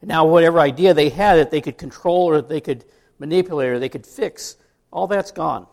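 A middle-aged male pastor from the United States delivers a sermon in a relaxed, talky manner. His voice sits a touch higher than most men's and carries a gravelly edge. He keeps asking the congregation questions as he goes. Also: brisk. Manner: conversational preaching with asides and rhetorical questions.

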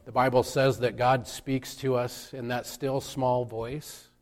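A man preaching a reflective sermon at an unhurried pace. He speaks in measured phrases and stops often to let a point land. His voice sits at an ordinary middle pitch. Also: little pitch movement. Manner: slow, measured, with pauses for emphasis.

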